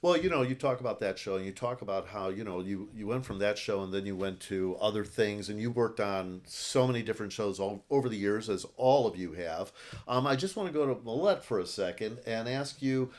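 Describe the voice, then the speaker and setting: A man's voice: fairly low pitch, a little fast. A man hosting an interview podcast, asking his guests questions in an encouraging way. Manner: encouraging, asks gently with lots of yeahs. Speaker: podcast host. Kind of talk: casual interview.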